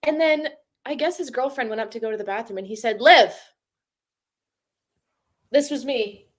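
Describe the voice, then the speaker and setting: A woman's voice: fairly high pitch, normal speed. A young adult woman co-hosting a livestream, telling a story in casual chat, acting out quotes and laughing often. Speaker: livestream co-host.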